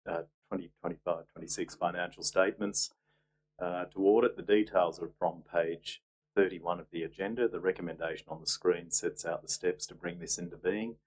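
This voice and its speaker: A man's voice: low-pitched, steady tone, brisk, a little hiss or hum, low-quality recording. A man chairing a council meeting as mayor, businesslike with dry asides.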